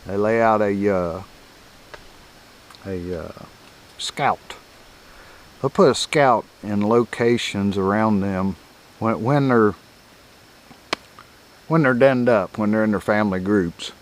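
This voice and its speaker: Folksy older man, low-voiced. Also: takes it slowly, pauses often, a little hiss or hum. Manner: folksy, rambling, chuckles often. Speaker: coyote hunting instructor. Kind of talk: casual outdoor teaching.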